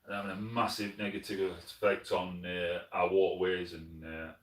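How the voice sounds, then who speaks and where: Low-voiced South Yorkshire man, echoey room. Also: little pitch movement, normal speed, fairly bright tone, recorded from a distance. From Sheffield, South Yorkshire, England. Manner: friendly, plain-spoken, often calls viewers mate. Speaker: hunting channel host. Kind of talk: live stream chat answering viewer comments. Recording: echoey room, mic some way off.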